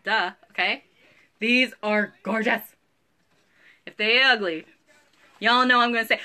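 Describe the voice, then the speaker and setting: A woman's voice: medium pitch, moderate pace, long pauses, sharp tone. A woman, chatting bubbly and giggly through a live online clothing sale from home. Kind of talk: live sales stream chat.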